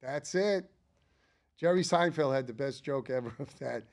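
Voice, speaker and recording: A man's voice: medium pitch, normal speed, darkish tone. An older man hosting a casual ranking monologue, chatty and enthusiastic, rambling with frequent asides. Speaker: channel host.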